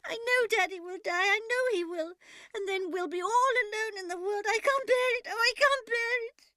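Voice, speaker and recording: A woman voicing a young schoolgirl who wails and sobs hysterically in a shrill, tearful voice. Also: very animated, takes it slowly, full character voice. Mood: sobbing.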